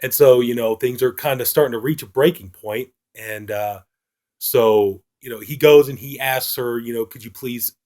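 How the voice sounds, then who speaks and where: A man's voice: medium pitch, moderate pace, darkish tone. A man reviewing a film in a casual, rambling retelling, full of fillers.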